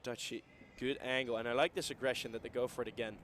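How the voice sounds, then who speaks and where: A man's voice: medium pitch, fairly even intonation, fast, background noise. Rambling male esports co-caster. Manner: casual and rambling, with many fillers and restarts. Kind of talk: color commentary.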